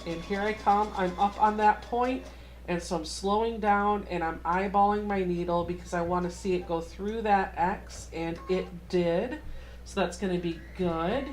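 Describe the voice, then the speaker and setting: A woman's voice: mid-range voice, steady tone, unhurried, a little mellow, slight background noise. A young adult woman hosting a casual home sewing tutorial, chatty and self-deprecating as she walks through each step. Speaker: quilting channel host.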